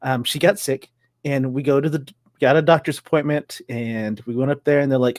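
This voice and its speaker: A man's voice: fairly high pitch, moderate pace, dry recording. Easygoing chuckling man, dry sound. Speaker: co-host. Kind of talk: casual chat.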